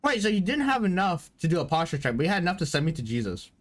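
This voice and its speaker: A man with a high, sing-song voice talks rapid-fire while streaming a game. He rambles casually through his live-stream commentary, swearing and stammering, and he has a headache.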